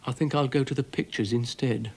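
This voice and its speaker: A man's voice: mid-range voice, fairly even intonation, fairly quick, darkish tone, lightly acted. A British man voicing a pompous, grumpy male dog in a children's cartoon, talking in an exasperated way.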